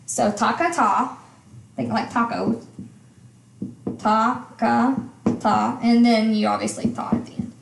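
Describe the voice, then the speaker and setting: Chatty woman teaching, slightly high voice. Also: fairly even intonation, normal speed, vocal fry, roomy sound, slight background noise. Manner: chatty, checks in with frequent "okay?". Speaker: music teacher. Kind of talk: casual instruction.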